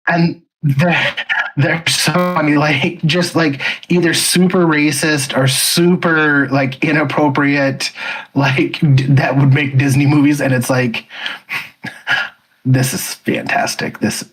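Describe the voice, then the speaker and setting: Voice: medium pitch, steady tone, slow pace, fairly bright tone, breathy edge, rough recording. A podcast co-host in casual chat, rambling and leaning heavily on "like". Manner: rambling, heavy use of "like"; laughs often.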